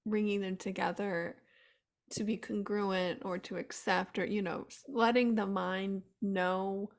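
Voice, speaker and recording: A woman hosts a podcast interview, her voice gravelly with vocal fry. She speaks haltingly and searches for her words as she sums up ideas. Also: mid-range voice, steady tone. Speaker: podcast host.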